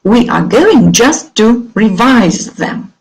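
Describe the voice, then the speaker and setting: A middle-aged woman with a Russian accent teaching an online English lesson. She speaks clearly and drills words slowly, waiting for pupils to repeat. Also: on the high side, very animated, rough recording.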